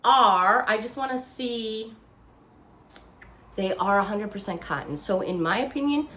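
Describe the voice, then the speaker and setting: A woman's voice: mid-range voice, lively intonation, measured pace, fairly bright tone. A woman chatting casually as she shows off a shopping haul from her couch at home, still getting over being under the weather. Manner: chatty, gushing exclamations. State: recovering from feeling under the weather. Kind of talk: casual chat. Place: living room couch at home.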